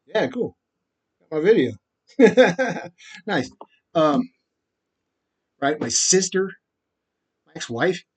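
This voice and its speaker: A man's voice: high-pitched, sing-song, slow pace, long pauses, slightly rough. Agitated, profane man ranting to camera. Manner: frequent laughs and repeated "right?". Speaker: vlogger. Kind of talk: rambling monologue.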